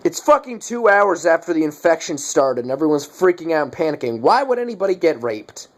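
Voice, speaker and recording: A man's voice: on the high side, very animated, a little fast. A young man giving a casual movie review, ranting in a profane, exasperated way.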